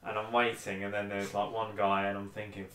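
A man's voice: lowish voice, level tone, fairly quick, fairly bright tone, far from the mic. A man co-hosting a football podcast, telling a story in casual chat with lots of fillers and restarts. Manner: hesitant, many fillers and restarts. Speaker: podcast co-host. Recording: echoey room, voice a bit off-mic.

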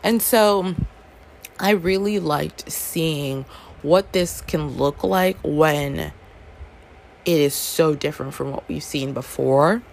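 A woman's voice: low-pitched, slow pace, creaky, a little mellow, slight background noise. A woman reviewing a book in casual chat, talking animatedly and acting out reactions in little quoted voices. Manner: chatty, acts out readers' reactions in quoted voices.

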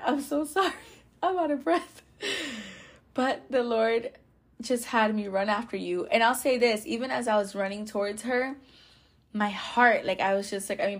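A woman hosting a podcast, telling a personal faith story in a casual, chatty way, with laughs, fillers and restarts. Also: mid-range voice. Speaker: podcast host.

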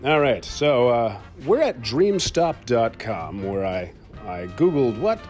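A man's voice: medium pitch, sing-song, slow, a little mellow, soft background music. A man hosting a casual solo podcast, rambling and swearing with frequent laughs while he walks around his studio. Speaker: podcast host.

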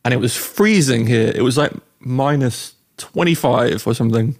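A man's voice: mid-range voice, moderate pace. An English man in casual chat, telling a teasing story. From England.

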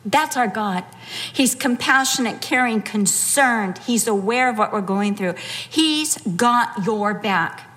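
A middle-aged woman delivers a sermon in a high voice. She tells her stories vividly and acts out what people said along the way. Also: takes it slowly. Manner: storytelling with animated acted-out quotes. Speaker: preacher.

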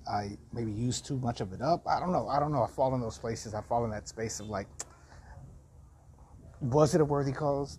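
Male vlogger, raspy, reflective and halting, mid pitch, faint noise behind. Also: a little mellow. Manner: self-searching, halting with many restarts. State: raspy from dehydration. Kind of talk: reflective personal vlog.

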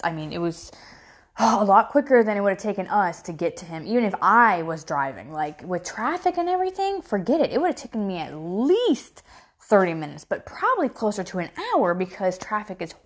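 A woman, a mother talking to her followers in a casual chat, candid and emotional, rambling with fillers and restarts and climbing higher when she gets worked up. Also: sing-song, brisk. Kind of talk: casual direct-to-camera chat.

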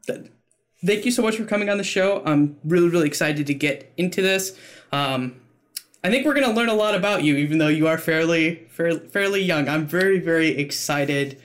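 A man's voice: fairly high pitch, normal speed. Eager man hosting an interview. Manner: eager, stumbling over words. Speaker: podcast host. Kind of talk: casual interview.

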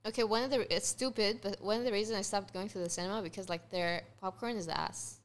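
A woman's voice: mid-range voice, steady tone, quick pace. A woman co-host in casual podcast chat, reacting, swearing casually and laughing along.

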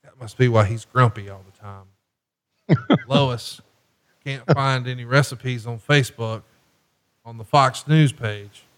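Hosting a casual podcast, a man jokes and swears while telling stories and calling wrestling action. He speaks slowly in a medium pitch, pausing often.

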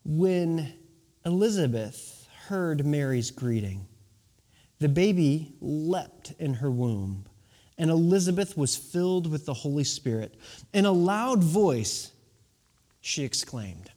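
A man in his thirties preaching a sermon, telling stories with drawn-out, dramatic phrasing and sometimes dropping to a hush for emphasis. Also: fairly high pitch, big pitch swings. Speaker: pastor.

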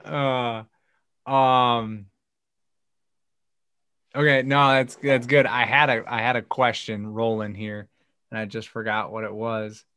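A man hosting a podcast in a relaxed way, asking questions with easy chuckles. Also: medium pitch, slow, long pauses, clean tone, dry recording. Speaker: podcast host. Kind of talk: casual podcast chat.

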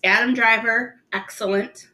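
A woman's voice: a little high, steady tone, unhurried, sharp tone, rough recording. A woman co-hosting a podcast in casual chat, talking at length and laughing often. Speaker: podcast co-host.

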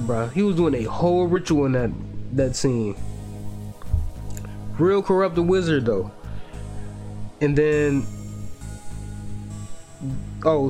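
A young man talks through a film in a loose, profane monologue full of slang, getting excited as he goes. His voice sits a little on the high side. Faint music plays underneath. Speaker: podcast host. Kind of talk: casual film breakdown monologue.

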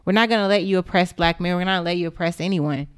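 Impassioned woman, smooth low voice. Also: very fast, no echo, studio quality. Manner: emphatic, indignant, blunt with swearing. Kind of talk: impassioned direct-to-camera monologue.

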